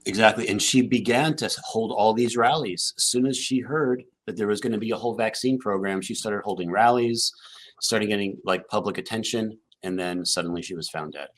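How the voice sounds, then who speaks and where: A man speaking on a casual panel chat, animated and full of questions. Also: lowish voice, fairly quick.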